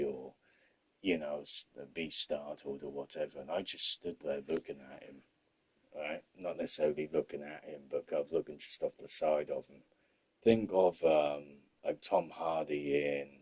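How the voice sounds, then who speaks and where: Very deep husky sweary man. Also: a bit bright, rough recording. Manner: rambling, sweary, many fillers like "you know" and "obviously". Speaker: gaming streamer. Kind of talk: casual storytelling while gaming.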